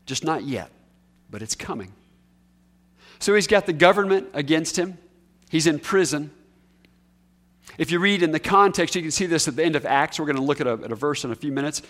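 A male preacher with a high voice delivers a sermon in a conversational way, often turning to ask the listeners questions. He leans hard on key words, then drops to a near hush to let a point land. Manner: emphatic, swings from raised highs to hushed lows.

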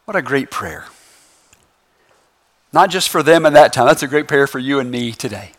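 A man's voice: mid-range voice, normal speed, pauses often. A man preaching a sermon in a church, in a loose, conversational way, tossing in slangy phrases and frequent "right?" checks with the congregation. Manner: lively, conversational preaching with constant "right?" asides. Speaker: pastor.

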